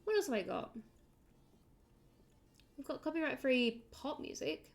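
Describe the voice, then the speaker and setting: A woman's voice: high voice, big pitch swings, a little slow, vocal fry. A young woman from Australia with an Australian accent, chatting casually and rambling as she streams herself drawing and answers chat. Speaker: livestreamer.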